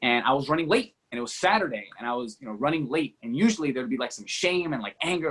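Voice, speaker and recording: Energetic male entrepreneur telling a story. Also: mid-range voice, husky. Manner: energetic, fast-talking storyteller with frequent fillers. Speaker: podcast guest, entrepreneur. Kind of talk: animated storytelling in an interview.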